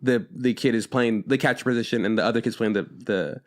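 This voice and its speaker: A man's voice: medium pitch, fairly quick. A man co-hosting a podcast, chatting casually and with lots of swearing about an anime, rambling and acting out lines from the show. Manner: rambling, profane, acts out quotes. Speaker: podcast co-host.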